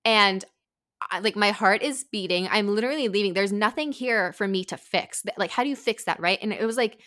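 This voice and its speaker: A woman hosting a podcast, telling a story in casual chat, animated, swearing and saying "like" a lot. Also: mid-range voice, a little fast. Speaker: podcast host.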